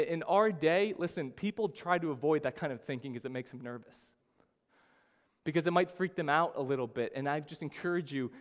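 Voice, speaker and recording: Male pastor, sermon, animated storytelling, fairly high voice, long hall reverb. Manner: animated storytelling with sudden rises in pitch and volume.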